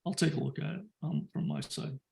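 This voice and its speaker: A man talking casually in a technical meeting over a video call, halting and often restarting his sentences. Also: a little high, gravelly, a little mellow. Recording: roomy echoing call audio.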